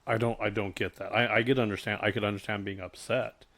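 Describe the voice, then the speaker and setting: Drawing on what he's seen at work, this man co-hosts a podcast and talks casually about customer service, frequently stopping and restarting his sentences. He has a lowish, steady voice that's a bit bright.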